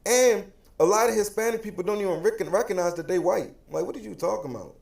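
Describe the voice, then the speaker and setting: A man with an African American English accent delivers a blunt, repetitive rant straight to the camera. His voice sits very high for a man. The room around him rings with echo. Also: fast, creaky, darkish tone. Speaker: social media commentator. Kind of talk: heated direct-to-camera rant.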